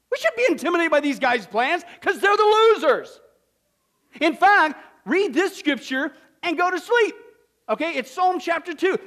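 A man delivers a sermon with a strikingly high-pitched voice. He preaches in an animated style, breaking into laughter and mocking asides. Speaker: pastor.

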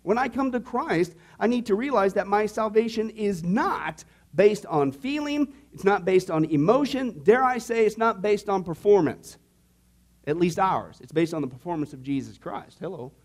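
A man's voice: sits high, lively intonation, normal speed. A man teaching a discipleship Bible class to a live group, playful and jokey, often checking in with "okay?" and "right?".

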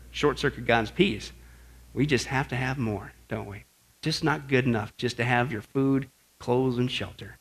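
A male pastor giving a lively teaching sermon, asking the congregation questions and acting out what God says. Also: mid-range voice, husky. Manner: animated, asks the crowd questions, acts out God's voice.

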